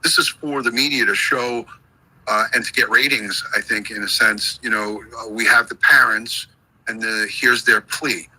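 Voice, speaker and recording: Low, bright-edged man commenting calmly. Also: moderate pace, husky, poor audio. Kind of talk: casual discussion.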